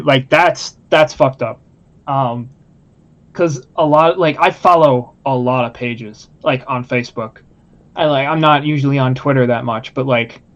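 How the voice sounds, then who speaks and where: A man in casual podcast chat, hesitant and full of fillers and curse words. The recording sounds a bit dull and lo-fi. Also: mid-range voice. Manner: hesitant, filler-heavy, profane. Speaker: podcast co-host.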